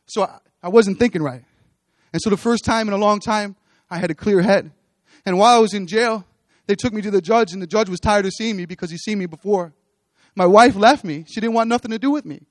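A man's voice: high voice, brisk, dry recording, studio quality. A man with children giving an earnest testimony sermon on a church stage, repeating his phrases as he builds toward exhortation. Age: adult, with children.

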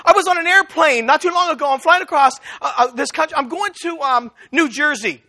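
A man's voice: very high-pitched, brisk. A man preaching a sermon, telling a story and acting out both sides of the conversation. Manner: animated, acts out both sides of a dialogue.

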